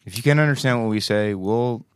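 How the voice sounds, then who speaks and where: A man's voice: lowish voice, a little fast, clear, resonant tone, no room sound. A man, co-hosting a podcast in easygoing chat with dry jokes. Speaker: podcast co-host, touring musician. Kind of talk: casual chat.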